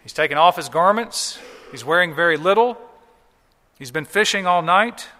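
Bright-voiced preacher in a reverberant hall. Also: male voice, sits high, animated, moderate pace. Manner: conversational preaching, acts out quoted lines. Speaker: pastor. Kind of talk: sermon.

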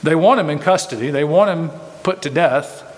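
A man's voice: a little high, moderate pace. Earnest preacher man in a reverberant hall. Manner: earnest, emphatic, repeats phrases for stress. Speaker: pastor. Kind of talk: expository sermon. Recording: long reverb from a large hall.

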